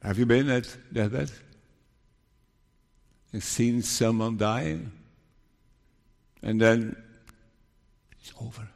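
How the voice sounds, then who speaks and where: Male preacher, sermon, slow deliberate delivery with hushed solemn turns, reverberant hall. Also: medium pitch, fairly even intonation, vocal fry.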